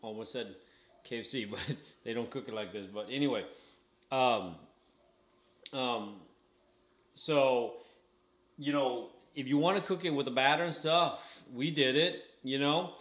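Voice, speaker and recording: A man's voice: mid-range voice, unhurried, pauses often, a bit bright. A man hosting a casual home cooking vlog, talking while he eats and tagging his sentences with "okay?". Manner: chatty, tags lines with "okay?", talks while eating. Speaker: channel host. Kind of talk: casual food review vlog. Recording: roomy echo.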